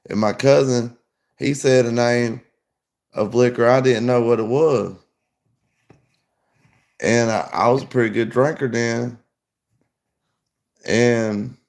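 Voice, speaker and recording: A man's voice: mid-range voice, vocal fry, a little mellow. A young man casually telling a rambling story, full of fillers. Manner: rambling, loose, lots of fillers. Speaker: podcast host.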